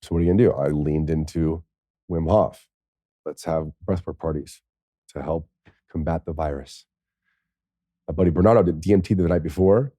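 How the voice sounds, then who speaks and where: A man in his thirties, a former pro football player, telling his story as a podcast guest in a rambling, animated way full of "like". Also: extremely low pitch, moderate pace, pauses often, dry recording. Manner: rambling, animated, heavy "like" fillers. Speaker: interview guest, former NFL tight end. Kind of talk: candid storytelling.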